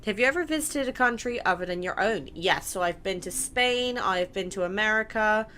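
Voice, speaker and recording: A woman's voice: medium pitch, lively intonation, normal speed, bright, forceful tone. Casting note: young adult woman streamer, candid and unfiltered, mid-range voice, light noise underneath. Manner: chatty and blunt, swears casually. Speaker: gaming content creator. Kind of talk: casual let's play commentary, reading questions aloud.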